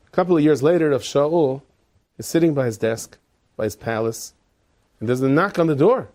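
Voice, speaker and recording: Animated man telling a story. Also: on the high side, normal speed. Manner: lively, conversational, asides to listeners.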